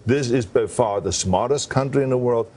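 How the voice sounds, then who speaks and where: A man's voice: medium pitch, moderate pace, a little mellow, slight background noise. A man as a guest in a TV morning show interview, talking in an emphatic, upbeat and joking way.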